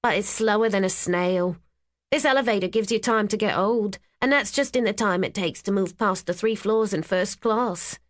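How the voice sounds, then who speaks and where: A woman's voice: mid-range voice, normal speed, pitched above the performer's own voice, natural voice. Woman doing a stern old housekeeper. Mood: grumbling. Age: 50s. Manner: grumbling, blunt. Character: stern, sharp-tongued older housekeeper woman.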